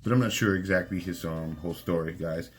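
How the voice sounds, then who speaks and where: A man casually recapping a comic issue, excitedly retelling scenes and quoting the characters' lines. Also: low voice, a little fast, slightly rough. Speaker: comic book reviewer.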